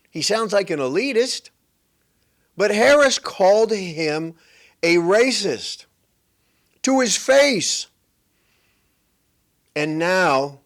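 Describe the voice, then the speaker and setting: A man hosting a political commentary show, delivering an emphatic, sarcastic monologue. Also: on the high side. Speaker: host.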